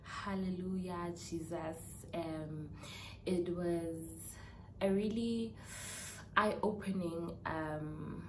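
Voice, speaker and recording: A young South African woman vlogging in a casual, heartfelt way, chatty and emotional with hesitant pauses. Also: lowish voice, fairly even intonation, a little mellow, slight background noise. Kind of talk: casual personal vlog. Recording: roomy echo with clear background ambience.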